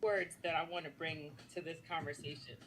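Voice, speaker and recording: A woman's voice: low-pitched, steady tone, brisk, a bit bright. Woman pastor teaching earnestly. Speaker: pastor and guest. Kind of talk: recorded talk.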